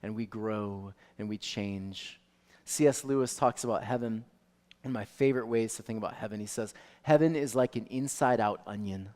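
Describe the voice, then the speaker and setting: A male pastor preaching a sermon, animated storytelling that swings from soft to loud. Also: fairly low pitch, normal speed. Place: church sanctuary. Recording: long reverb of a church hall.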